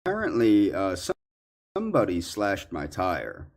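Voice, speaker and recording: A man in a ranting monologue, accusatory and indignant, halting with fillers. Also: low voice, wildly swooping pitch. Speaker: commentary subject in clips.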